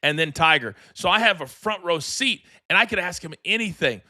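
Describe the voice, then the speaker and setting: A middle-aged man co-hosting a podcast, chatting casually and telling lively anecdotes. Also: sits high, brisk, dry recording, studio quality. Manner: animated, acts out voices in anecdotes. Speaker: podcast co-host. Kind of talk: casual storytelling chat.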